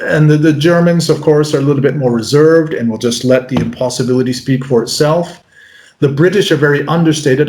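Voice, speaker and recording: A North American magician in his forties answering interview questions in a lively way. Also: fairly high pitch, normal speed. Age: 40s. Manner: animated, breaks into mock voices. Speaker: magician guest. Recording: roomy echo.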